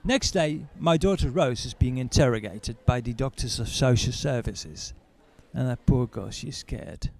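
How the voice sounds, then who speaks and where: A man doing stand-up comedy, telling a story in an animated way. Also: medium pitch, unhurried, creaky.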